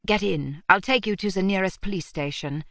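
A woman voicing a kindly, soft-spoken gray-haired older gentleman in a storybook reading. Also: mid-range voice, fairly quick, dry recording, clean studio sound, natural voice.

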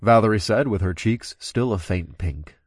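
A man's voice: fairly low pitch, lively intonation, normal speed, breathy edge, no echo, studio quality. A young man narrating a first-person audiobook in an easygoing, lightly amused way, also speaking the narrator's own lines.

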